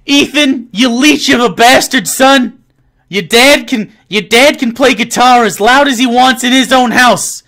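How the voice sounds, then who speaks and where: A man putting on a shouting, bossy dad who rants at a lazy son. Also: very high-pitched, unhurried, pitched above the performer's own voice, exaggerated voice. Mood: yelling stern. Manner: yelling, bossy, ranting. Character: shouting stern dad scolding a grown son.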